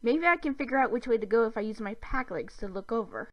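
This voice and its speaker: A woman's voice: on the high side, animated, fast talker, dull audio, natural voice. A woman voicing a boastful alien boy invader who hisses and barks his lines imperiously. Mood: grumbling. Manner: hissing, imperious, shouty.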